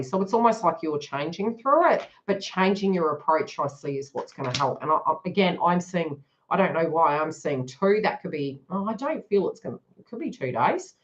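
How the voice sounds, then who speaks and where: Woman, low-ish voice, tarot reader on a live stream, chatty and blunt, lo-fi dull sound. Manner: chatty, frank and joking. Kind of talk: live-streamed card reading.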